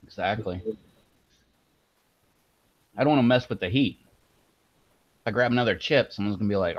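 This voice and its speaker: A man's voice: fairly low pitch, normal speed, long pauses, highs cut off. A man hosting a casual livestream, chatting and chuckling as he eats spicy chips with watering eyes. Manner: laid-back, chuckling while eating spicy chips. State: eyes watering from hot spice. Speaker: livestream host.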